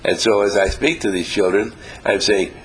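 This motivational talk to a small group comes from a man whose husky voice sits on the low side, with a steady tone and moderate pace, and the audio is poor. He repeats himself for emphasis, acts out quoted voices, and keeps chuckling.

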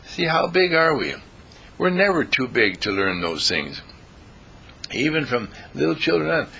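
A man giving a lively talk to a live audience as a counselor, asking the audience questions and acting out quotes. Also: on the high side, moderate pace, gravelly, slight background noise. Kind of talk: motivational lecture to a live audience.

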